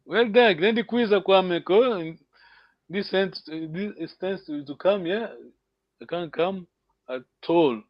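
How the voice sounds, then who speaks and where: A man teaching an online language lesson, patient and encouraging, repeating words slowly for his students. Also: sits high, no echo. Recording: dull lo-fi call audio.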